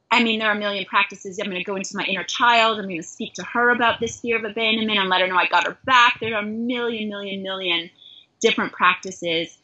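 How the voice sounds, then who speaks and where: A middle-aged woman from Canada talks as a life coach in an interview, earnest and openly self-reflective. Her voice is bright and forceful, with a breathy, husky grain, on a dull, lo-fi recording. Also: medium pitch, steady tone, fast talker.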